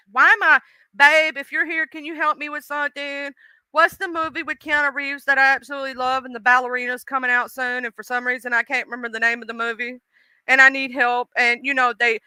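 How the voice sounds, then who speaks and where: Bright, animated woman live-streaming. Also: a little high, clean tone, dry recording. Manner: animated, chatty, drawls and curses casually. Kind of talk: casual live-stream chat.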